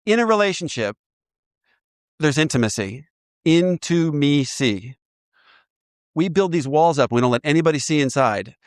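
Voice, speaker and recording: A man sponsoring in a recovery program, walking a listener through an inventory in a lively, joking way with frequent laughter. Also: a little high, fairly quick, dry recording, clean studio sound. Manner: animated, laughs often, acts out voices. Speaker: AA sponsor guiding a step inventory. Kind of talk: casual teaching talk.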